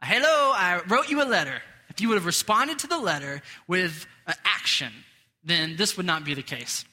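A man's voice: high voice, expressive, moderate pace, bright, forceful tone, long reverb tail, exaggerated voice. A blunt, exasperated woman, as a preacher puts her on. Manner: curt, demanding.

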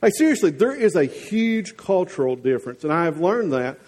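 A man's voice: high-pitched, sing-song, fairly quick, darkish tone. A man with a Southern US accent preaching a sermon as the church's pastor, folksy and teasing one moment, earnest the next.

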